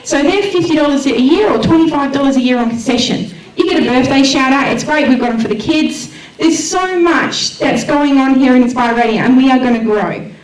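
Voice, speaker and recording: A heartfelt, enthusiastic Australian woman from Western Australia pitches her volunteer radio station to a crowd at a community launch event, speaking a little fast in an emotional public speech. The room is echoey and her voice is far from the mic.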